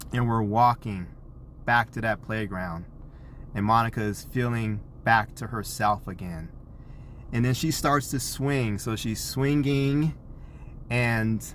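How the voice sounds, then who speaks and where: Dad telling a story to camera, lively and animated, acting bits out, mid-pitched. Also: male voice, a little hiss or hum. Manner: animated storyteller, acts out scenes. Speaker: parent. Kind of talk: storytelling vlog.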